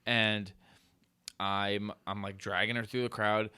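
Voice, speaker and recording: A young man in casual podcast chat, retelling a story with animated, loud acted-out bursts. His voice sits on the low side and is recorded close and dry, with no room sound. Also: slow pace, clear, resonant tone, dry recording. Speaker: podcast co-host.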